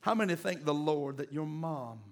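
A middle-aged pastor preaching a sermon, calling out to the congregation and building to emphatic peaks. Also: male voice, on the high side, normal speed, creaky. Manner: call-and-response preaching, rising to emphatic peaks.

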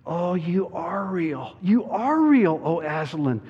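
A man's voice: very high voice, very slow, voice pushed up, full character voice. A man voicing a frightened young girl, reading aloud from a storybook in a sermon. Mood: anxious. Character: frightened young girl Lucy, tearful and eager. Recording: dull sound in a large reverberant hall.

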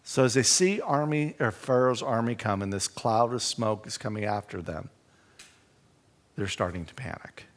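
A man's voice: mid-range voice, moderate pace, hardly any pauses. A man teaching a Bible study in a conversational way, reading scripture aloud with emphasis. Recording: long reverb in a hall.

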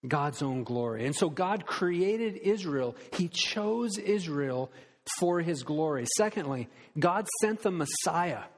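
A man preaches with earnest, measured emphasis, stretching out the words he wants to land. His voice sits a little high for a man. It rings out with the long reverb of a church hall. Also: expressive. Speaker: pastor. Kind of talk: sermon.

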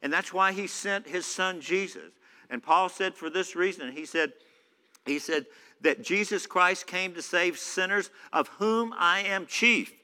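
A man's voice: sits high, a little slow, sharp tone, clear, resonant tone. A man preaching a sermon in a church, conversational, with many fillers. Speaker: pastor. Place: church hall. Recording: echoey church hall.

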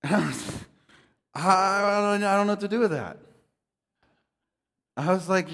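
A man delivers a sermon in a high voice that rises and falls all over the place. He talks to the room like a friend and throws in jokes between readings. A long reverb from a large hall trails behind his words. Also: moderate pace, pauses often. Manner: animated, conversational preaching with jokes. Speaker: pastor.

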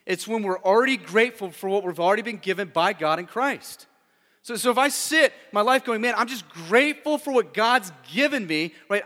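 A bright, forceful male pastor with a high voice delivers a casual, animated sermon, tossing rhetorical questions at his congregation. His voice rings with a long reverb from a large church hall. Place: church sanctuary.

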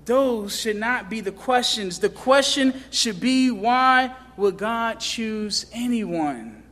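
A man with a high voice delivers a sermon at an unhurried pace. He climbs into loud, pleading questions and then drops low for emphasis. The sound carries a long reverb tail, as in a large hall. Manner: impassioned preaching, rising to loud questions and dropping low. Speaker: pastor.

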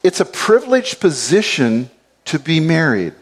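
A man's voice: fairly high pitch, sing-song, unhurried. A man giving an expository Bible teaching, explaining word meanings and repeating key phrases for stress.

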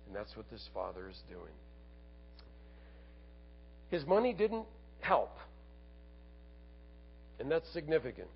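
A man preaching a sermon as a pastor, earnest, asking rhetorical tag questions and sinking to quiet emphasis. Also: mid-range voice, husky, dull audio.

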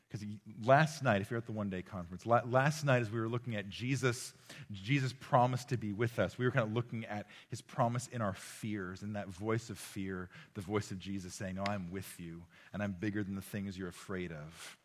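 A man preaching a sermon to young people in a room, impassioned, swinging from loud exhortation to hushed tones, often repeating words as he goes. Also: lowish voice. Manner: repeats words and restarts as he speaks. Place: room with a live audience.

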